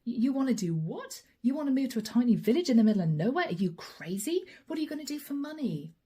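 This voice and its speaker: A tarot reader voicing a worried family member who scolds with incredulous questions. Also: female voice, a little high, very animated, fast talker, dark tone, breathy edge.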